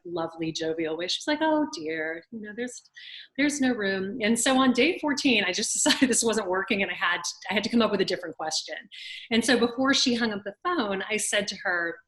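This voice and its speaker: A woman's voice: mid-range voice, quick pace, low-quality recording. Southern woman telling a story. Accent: Southern US (Louisiana). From Louisiana, USA. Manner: lively, laughs often, acts out quotes. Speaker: guest. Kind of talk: storytelling in an interview. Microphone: video call.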